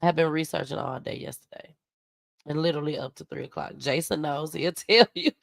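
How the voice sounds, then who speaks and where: A woman with a low, gravelly voice talks straight to her livestream viewers. She sounds emotional and close to tears, warm in her words, and keeps calling them y'all and baby. The sound is dry and close. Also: steady tone, fairly quick, dry recording. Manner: tearful, heartfelt, addresses viewers as y'all and baby. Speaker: livestream host.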